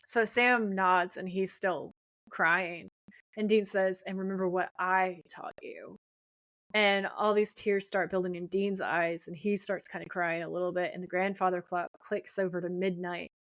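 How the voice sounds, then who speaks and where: A woman's voice: fairly low pitch, fairly even intonation, a little slow, fairly bright tone, dry recording. A woman co-hosting a podcast, casually retelling a TV episode scene by scene and quoting the characters' lines. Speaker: podcast co-host.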